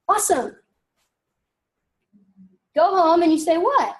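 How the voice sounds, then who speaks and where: A high-pitched woman speaks to a group in a lively storytelling way. She acts out conversations and keeps asking her listeners questions. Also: moderate pace, pauses often. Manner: animated, acts out dialogue, asks audience questions. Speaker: speaker giving a talk.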